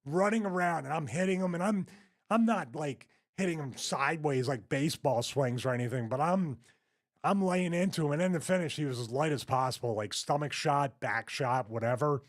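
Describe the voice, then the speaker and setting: A man recounts a backstage story in a relaxed, chatty way. His voice sits a little high for a man, and he keeps breaking into laughter as he tells it. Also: normal speed. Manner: laughing, animated anecdote telling. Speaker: retired wrestler guest. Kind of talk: casual storytelling.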